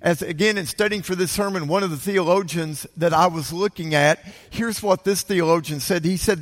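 A male pastor with a fairly high voice delivers his sermon with emphatic, drawn-out stresses. His voice carries a long reverb, as if recorded in a large hall.

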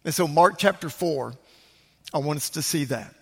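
A man's voice: fairly high pitch, moderate pace, slightly rough. A man preaching a sermon as pastor to a large congregation, emphatic and repeating his key phrases. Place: large church sanctuary. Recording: reverberant church sanctuary.

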